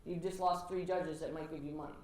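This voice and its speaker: Lower-voiced woman coaching in an echoey classroom. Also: fairly even intonation, a little fast, darkish tone. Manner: direct, encouraging feedback. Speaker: instructor. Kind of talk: coaching students on pitches. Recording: echoey classroom with background noise.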